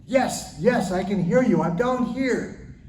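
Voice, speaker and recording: A man voicing a desperate man clinging to a cliff branch, yelling and pleading. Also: sits high, expressive, takes it slowly, reverberant, far from the mic, a little hiss or hum, voice pushed up, low-quality recording.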